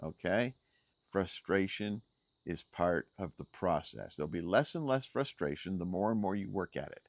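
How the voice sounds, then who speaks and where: There's no echo as a middle-aged man, expressive and speaking at a normal speed, addresses the camera on his selfie stick outside. His unscripted motivational vlog is emphatic and repetitive, with key phrases repeated and pitch rising on stressed words.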